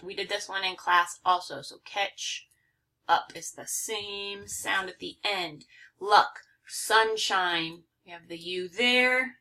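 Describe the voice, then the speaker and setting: A woman's voice: mid-range voice, pushed and bright. A woman teaching English pronunciation in a recorded lesson, carefully reading word lists aloud one by one and coughing now and then. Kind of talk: recorded lesson going over a handout.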